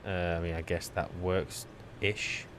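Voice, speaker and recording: A man co-hosting a relaxed gaming stream, his voice lowish but bright and forceful. He talks casually, wanders off mid-thought and restarts his sentences, with faint noise behind him. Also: slow pace. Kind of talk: casual chat while gaming.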